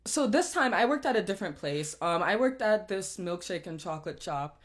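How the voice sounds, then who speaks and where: A woman's voice: mid-range voice, expressive, a little fast. A young woman in a casual chat, telling work stories in a rambling way, full of fillers and giggles.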